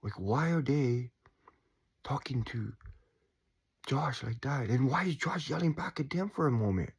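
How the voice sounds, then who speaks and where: A man in his forties talking in a calm, reflective way about staying chill, with sighs and quiet asides. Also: medium pitch, unhurried, gravelly, slightly rough. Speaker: spiritual vlogger. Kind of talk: casual reflective monologue.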